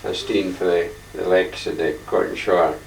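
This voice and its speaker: An older man talks his halting, wandering way through his paintings, often clearing his throat. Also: deep voice, steady tone, darkish tone. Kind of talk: rambling casual reminiscence. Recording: echoey room, distant mic, faint hiss.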